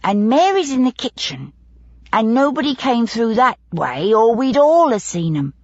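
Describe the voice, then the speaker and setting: Brief: woman reading as a confiding young maid, raised pitch, broad dialect, husky dull recording. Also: big pitch swings, a little slow, darkish tone, no room sound. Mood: earnest. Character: young gossipy female housemaid, eager and superstitious.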